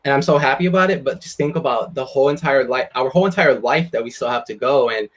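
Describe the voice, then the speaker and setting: A young co-host with a mid-pitched voice speaks in a casual live stream chat. The tone is earnest and encouraging, like gentle motivational advice. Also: fast talker.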